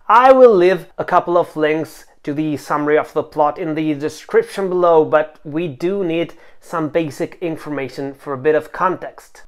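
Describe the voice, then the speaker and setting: A woman with as her explains song lyrics line by line in a low, unhurried voice. She talks slowly and carefully, and now and then stretches out a word to spell it out. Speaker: Italian teacher and channel host.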